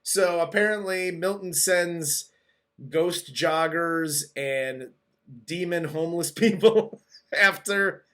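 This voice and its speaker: A man's voice: a little high, slow, a bit bright. A man co-hosting a casual movie review, recapping the plot in a loose, rambling way with restarts. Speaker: podcast co-host.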